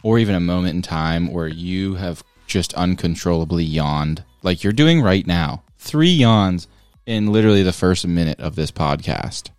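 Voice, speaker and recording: Male podcast co-host, deep voice, playful and rambling, dry mic with faint music beneath. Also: animated, normal speed, clear, resonant tone, no echo. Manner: playful, rambling trivia explanations. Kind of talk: casual chat.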